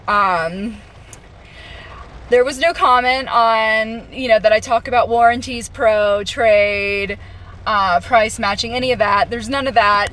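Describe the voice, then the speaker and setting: A woman telling a casual story about her retail job, giggly and animated, acting out the voices of others. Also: medium pitch, a little hiss or hum.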